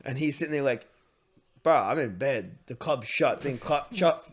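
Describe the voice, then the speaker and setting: A man's voice: mid-range voice, expressive, moderate pace, husky. Young man, swearing storyteller. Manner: swears a lot, acts out shouted quotes. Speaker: podcast host. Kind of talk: casual podcast storytelling.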